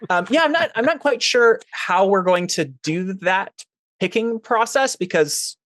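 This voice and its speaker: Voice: mid-range voice, animated, unhurried, a bit bright. A game master narrating a tabletop game in a hesitant way, with many fillers and restarts.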